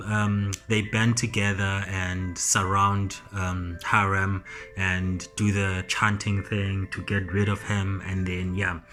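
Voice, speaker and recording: A man casually recapping a TV episode as a reviewer, hesitant with many ums and restarts. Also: sharp tone. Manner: slow and low-key. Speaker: TV show reviewer.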